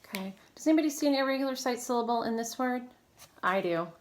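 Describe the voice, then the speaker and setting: A woman's voice: a little high, animated, fast talker, a little hiss or hum. Encouraging woman teaching a phonics lesson. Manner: encouraging, clear teacher prompts to young readers. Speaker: reading teacher. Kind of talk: recorded phonics lesson for children.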